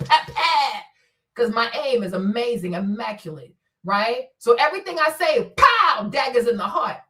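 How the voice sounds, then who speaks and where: A high-voiced woman from Africa hosts a livestream rant, mocking and taunting, often breaking into laughter. Her voice sits a little back from the mic. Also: fairly bright tone, far from the mic. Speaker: livestream host.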